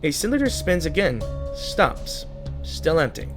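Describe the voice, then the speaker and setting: A man's voice: a little high, lively intonation, normal speed. Casual gamer man reading a story aloud. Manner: casual, stumbling over words and correcting himself. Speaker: gaming YouTuber. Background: game music.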